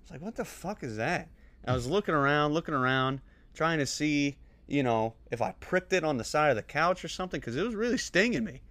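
A man's voice: a little high, lively intonation, fast talker, a bit bright, no room sound. A young man co-hosting a podcast, joking in a laid-back way and swearing freely. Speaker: podcast co-host. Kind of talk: casual chat.

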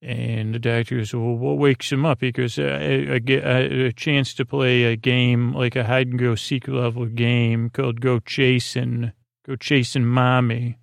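A man hosting a sleep podcast, retelling a TV episode in a meandering, halting way with lots of fillers and restarts. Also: medium pitch, little pitch movement, creaky, no room sound. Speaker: podcast host. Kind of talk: rambling bedtime retelling of a TV episode.

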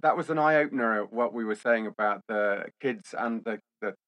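A man's voice: fairly low pitch, normal speed, fairly bright tone, dull audio. A man co-hosting a veterinary podcast in casual chat, thoughtfully explaining ideas at length.

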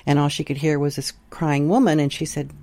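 Soft-toned middle-aged woman, halting storyteller. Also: sits low, steady tone. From southern Indiana. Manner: unhurried, halting, with pauses and restarts. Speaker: interviewee recounting her dreams. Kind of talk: reflective personal storytelling. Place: home sunroom.

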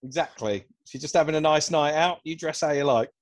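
A man's voice: on the high side, brisk, no room sound. Chatty British man, dry close sound. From England. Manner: chatty storyteller, self-deprecating. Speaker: comedian guest. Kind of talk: casual podcast chat, anecdotes.

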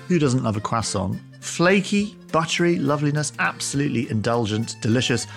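A man presents a history podcast in a playful, theatrical manner. His pitch swings widely. Soft music sits underneath him at times. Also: animated, a little fast, gravelly. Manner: playful, theatrical, with mock French exclamations. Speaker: podcast host.

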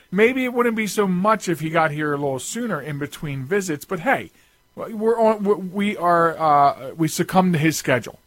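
A man's voice: high voice, animated, unhurried, a bit bright, dry recording. A man hosting a radio talk show, chatting casually and rambling with lots of restarts and asides.

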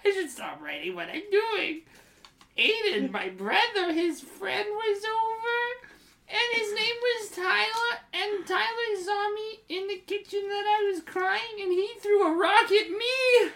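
A woman's voice: very high voice, lively intonation, measured pace, a bit bright, pitched above the performer's own voice, heavily acted. A woman voicing her dramatic, tearful little schoolgirl sister, reading a diary aloud in breathless, sobbing bursts. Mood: whiny tearful.

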